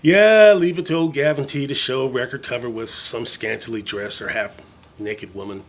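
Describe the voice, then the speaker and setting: Husky-voiced man gushing about records. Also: medium pitch, steady tone, brisk. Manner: enthusiastic, rambling, many fillers; jokey asides. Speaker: record collector showing his vinyl. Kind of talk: casual show-and-tell vlog.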